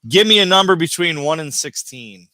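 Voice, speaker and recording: Bright-voiced upbeat male host. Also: fairly high pitch, expressive, moderate pace, dry recording, studio quality. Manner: upbeat, gracious. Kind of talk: live show casual chat.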